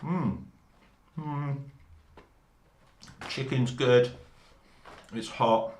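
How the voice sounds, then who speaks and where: On a hobby live stream, a man with a mid-range, darkish voice drags out his words as he chats casually, cracking jokes and laughing between bites of food. There's no lav mic, just a room mic, so the sound is echoey with faint background noise.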